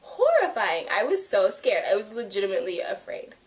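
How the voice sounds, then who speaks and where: A young woman reviewing a TV episode in a casual, animated way, full of slang and "like", jumping between loud outbursts and hushed asides. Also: mid-range voice, brisk. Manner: frequent "like" fillers, slangy.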